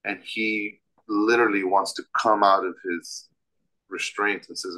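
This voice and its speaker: A man with a somewhat low voice recounts a personal story as an interview guest. He talks vividly and with emphasis, restarting phrases as he goes. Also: steady tone, a little slow, bright, forceful tone, rough recording.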